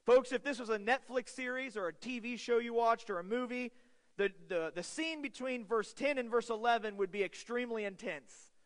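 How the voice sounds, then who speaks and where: Male pastor, sermon, earnest, swings from loud urgent peaks to quiet lows, reverberant sanctuary. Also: moderate pace. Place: church sanctuary. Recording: long hall reverb.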